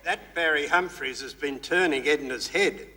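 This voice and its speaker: A man's voice: on the high side, moderate pace, sharp tone. A man reading a stolid husband. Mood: plain. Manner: plain amateur line reading. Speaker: audience volunteer.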